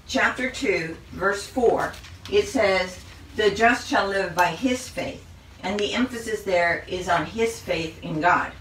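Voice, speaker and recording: A woman teaches a Bible study at a very unhurried pace. Her voice is bright and clear, and she goes through her points one by one. The sound is echoey, as if the mic sits a little away from her in a room. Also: mid-range voice, distant mic, a little hiss or hum. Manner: measured, reads out a list of questions.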